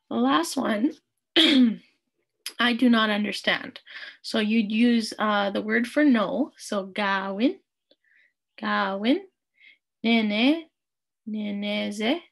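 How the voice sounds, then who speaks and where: Slow, patient woman teaching a language. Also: mid-range voice, creaky. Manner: slow, patient, repeats each phrase. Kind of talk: online language lesson.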